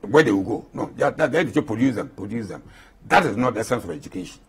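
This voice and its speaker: A man's voice: on the low side, expressive, fast talker, slight background noise. A man in his eighties with a Ghanaian accent, an interview guest speaking with passion and repeating points for emphasis. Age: 80s. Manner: impassioned, repeats himself for emphasis.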